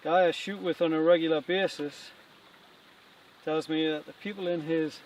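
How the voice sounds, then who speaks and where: A man's voice: on the high side, fairly even intonation, moderate pace, a little mellow. A man, an author and archer, giving a reflective outdoor talk about fear of change, speaking in short, spaced phrases. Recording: distant outdoor recording with noise.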